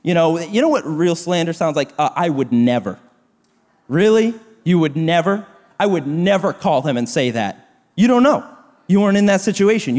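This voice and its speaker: High-voiced man preaching in a hall. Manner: animated, self-deprecating, acts out quoted gossip. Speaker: pastor. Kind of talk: sermon. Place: church auditorium. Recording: long reverb of a large hall.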